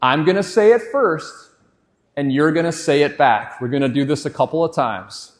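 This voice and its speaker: A man in his forties giving a live motivational talk on stage, hyped, swearing and leading the crowd in shouted chants. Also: on the high side, expressive, normal speed. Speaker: motivational speaker. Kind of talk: live motivational talk with audience call-and-response. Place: stage in a large hall with a crowd. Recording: echoey hall with faint crowd.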